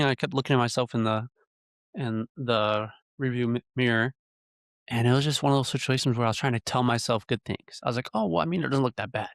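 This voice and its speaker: A young man hosting a podcast, telling a rambling personal story in a relaxed conversational way, full of "you know" and "like". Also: medium pitch, no echo, clean studio sound. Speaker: podcast host. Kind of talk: casual solo storytelling.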